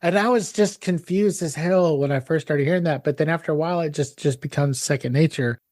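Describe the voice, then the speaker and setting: A man's voice: fairly high pitch, brisk, a little mellow, dry recording, clean studio sound. A man hosting a podcast, asking curious questions with a joking, easygoing manner. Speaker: podcast host. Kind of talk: casual interview chat.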